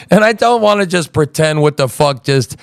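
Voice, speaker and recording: A man's voice: fairly high pitch, vocal fry, smooth, dry recording, clean studio sound. A man hosting a podcast from his home in the woods, telling a rambling, profane story in casual chat. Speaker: podcast host.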